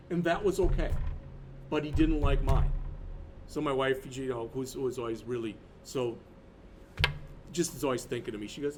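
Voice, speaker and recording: A slightly high-voiced man in his fifties, animated and moderately paced, works through a recorded college lecture with slight background noise. He teaches conversationally, wandering and restarting many times.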